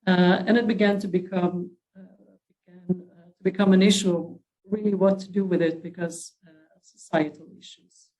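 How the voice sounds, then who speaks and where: A woman with a Dutch accent speaking as a panelist over a remote video call, soft-spoken and hesitant with many fillers. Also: lowish voice, fairly even intonation, normal speed, lo-fi sound. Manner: soft-spoken, drops her voice. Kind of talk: panel discussion.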